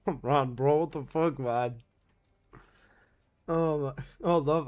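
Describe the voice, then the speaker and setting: A man's voice: fairly high pitch, takes it slowly, pauses often. A young male streamer talks to his chat in a slightly raised voice, taking his time between bursts. He exclaims and swears freely, and laughter keeps slipping into his talk.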